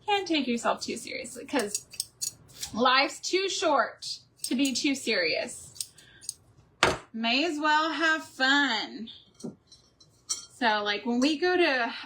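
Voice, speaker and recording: A woman's voice: a little high, noisy background. A middle-aged woman hosting a crafting video, chatting casually with viewers as she works, rambling and laughing often. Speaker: craft and homemaking channel host. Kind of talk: casual chat while crafting, answering live chat.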